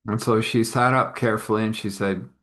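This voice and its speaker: A man with a lowish voice telling a story off the cuff. He rambles, adds chatty asides and talks to the listener as he goes. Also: fairly even intonation, a little fast, fairly bright tone. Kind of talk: casual improvised story narration.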